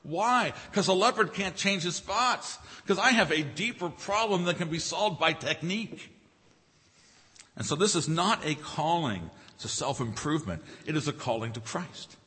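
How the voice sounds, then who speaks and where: A male pastor delivers an emphatic sermon in a voice that sits a touch high and rings bright. He drives his points home with repeated phrases and rhetorical questions. The sound carries the long reverb of a church sanctuary. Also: expressive, normal speed. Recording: reverberant hall.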